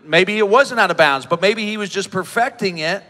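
Guy giving a testimony in a big echoey hall, bright voice, kinda high, keeps restarting his sentences. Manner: halting, repeats words and restarts, emotional. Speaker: preacher speaking at a conference. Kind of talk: emotional personal testimony from a stage.

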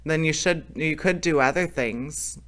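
A man's voice: on the high side, unhurried, a bit bright, pitched above the performer's own voice. A man reading a storybook aloud, voicing an earnest, worried young girl in a slightly raised voice. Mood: coaxing. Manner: earnest, pleading.

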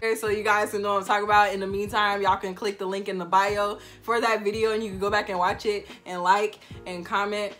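A woman's voice: mid-range voice, level tone, fast talker, few pauses, a bit bright, faint music behind. A woman hosting a casual Q&A video, teasing and interrupting playfully. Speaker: vlogger hosting a Q&A. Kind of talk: casual chat.

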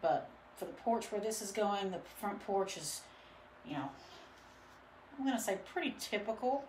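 A woman's voice: mid-range voice, animated, moderate pace, darkish tone, slight background noise. A woman chatting casually through a live painting demo, rambling with lots of fillers. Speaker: painting instructor and studio owner. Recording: roomy echo.

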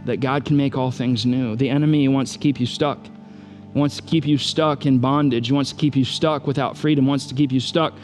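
A man's voice: medium pitch, steady tone, normal speed, a little mellow, soft background music. A man preaching a sermon as a pastor, retelling the story in a casual, joking way and building to urgent, repeated appeals.

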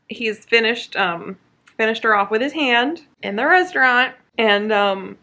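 A woman talks casually to her camera about a book, slipping into sarcastic, exasperated rants. Her voice is bright and forward, and her speech is full of fillers and quick restarts. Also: a little high, expressive. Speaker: book vlogger. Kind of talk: casual reading vlog.

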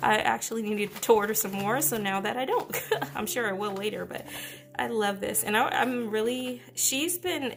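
A woman vlogger talks excitedly and gushes, breaking off sentences and starting over. She keeps her voice low at home, sometimes nearly whispering, in a mid-pitched voice with faint music behind her. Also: normal speed, vocal fry. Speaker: planner vlogger. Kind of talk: casual unboxing chat. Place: at home beside a napping baby.

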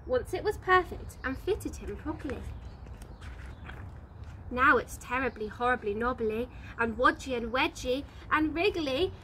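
A woman teacher reading a picture book aloud outdoors, bouncy and expressive with the rhymes. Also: high voice, measured pace, slight background noise, poor audio. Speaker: infant school teacher. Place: outdoors in the sunshine.

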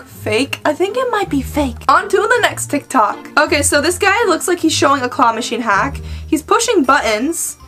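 A woman arcade vlogger giving excited, playful reaction commentary, full of exclamations. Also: high-pitched. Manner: bubbly, exclamatory, playful voices.

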